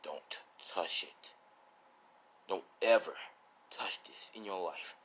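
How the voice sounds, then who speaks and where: Guy voicing grim teen boy swordsman, low and quiet threats, a bit deeper than his own voice; fan story read-along. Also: slow, exaggerated voice. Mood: menacing.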